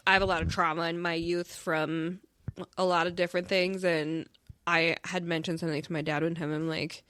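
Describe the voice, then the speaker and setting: Relaxed, lower-voiced woman telling stories. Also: fairly quick, clean tone, no room sound. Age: adult parent. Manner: relaxed, reflective storyteller. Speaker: podcast guest. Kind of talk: casual chat.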